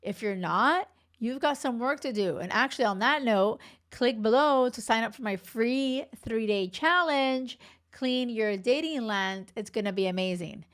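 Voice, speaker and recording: A woman's voice: on the high side, a little slow, a bit bright. A woman in her forties hosting a dating podcast as a coach, talking bluntly in a casual monologue, swearing freely and laughing between asides.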